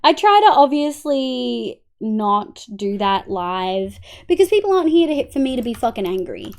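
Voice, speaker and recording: An Australian woman streaming a game, chatting casually with viewers, swearing and thanking them by name, sometimes mumbling quietly and sometimes bursting out loud. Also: on the high side, sing-song, moderate pace. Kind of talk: casual live-stream chat while gaming.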